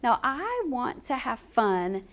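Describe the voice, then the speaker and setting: A woman teaches a recorded lesson to young children. She speaks slowly and with care, in a high voice that turns sing-song and playful. She stays encouraging throughout. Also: sing-song.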